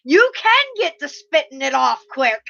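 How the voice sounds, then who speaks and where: Middle-aged woman, high and bright, chatty streamer who swears and laughs easily, muffled lo-fi audio. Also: sing-song, measured pace, creaky. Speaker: live streamer. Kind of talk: casual chat reading live comments. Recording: slightly muffled lo-fi mic audio.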